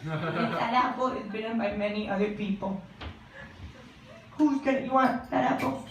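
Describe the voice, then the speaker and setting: A young woman doing a stand-up comedy set, with deadpan jokes and quick asides to the audience. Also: a little high, a little hiss or hum. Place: comedy club stage. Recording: echoey room from a distance, audience laughter.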